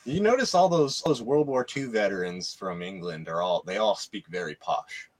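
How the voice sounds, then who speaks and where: A man's voice: on the low side, animated, moderate pace, dry recording. An American man in a casual chat, curious and hesitant, full of likes and restarts. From United States. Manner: curious, hesitant, many fillers.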